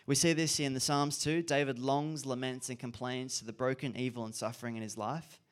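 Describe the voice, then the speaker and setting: A man's voice: medium pitch, flat delivery, brisk. A man giving an earnest, reflective sermon and repeating key phrases for emphasis. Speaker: preacher.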